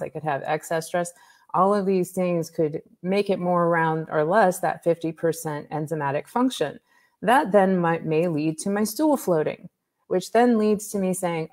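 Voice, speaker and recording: A woman naturopathic doctor, a guest on an interview, explaining health topics in a lively way with examples and asides. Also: fairly low pitch. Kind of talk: conversational expert explanation.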